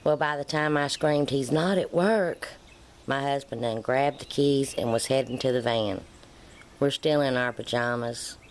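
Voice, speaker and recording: A woman's voice: extremely low pitch, normal speed, a little hiss or hum. A middle-aged woman, vlogging in a casual storytelling way and acting out the dialogue as she tells it. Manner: animated, acts out quoted dialogue.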